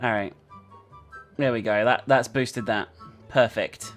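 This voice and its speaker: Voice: mid-range voice, fairly even intonation, measured pace, faint music behind. Laid-back gamer reading out game text. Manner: laid-back, swears freely, reads narration with dry timing. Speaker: video game player. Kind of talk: casual gaming chat and reading game text aloud.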